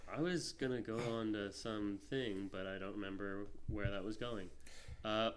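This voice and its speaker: A man's voice: fairly low pitch, fairly even intonation, moderate pace, slight background noise. A man co-hosting a film podcast in casual chat, rambling with lots of fillers and restarts. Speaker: podcast co-host.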